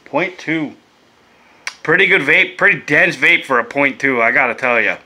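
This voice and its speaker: A man's voice: fairly high pitch, moderate pace, bright, forceful tone. A laid-back man chatting casually and swearing as he reviews vape gear in a vlog, coughing now and then.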